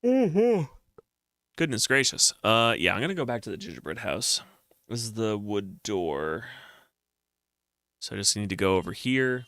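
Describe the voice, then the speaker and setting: A man's voice: fairly low pitch, very animated, a little slow, pauses often, a bit bright, no echo, studio quality. A man streaming a retro video game, chatting casually, joking, and reading the on-screen text aloud. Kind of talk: casual let's-play commentary.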